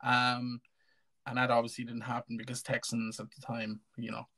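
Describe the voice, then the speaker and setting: A man's voice: mid-range voice, monotone, normal speed, pushed and bright. Joking Irish man on a live stream. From Ireland. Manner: joking, bawdy banter with frequent fillers. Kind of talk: casual chat.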